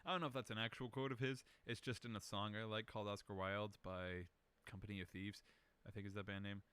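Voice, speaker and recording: A man's voice: fairly low pitch, steady tone, fast talker, fairly bright tone, smooth, no room sound. A young man hosting a casual solo show, rambling through questions in a profane, self-mocking way. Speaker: podcast host answering questions.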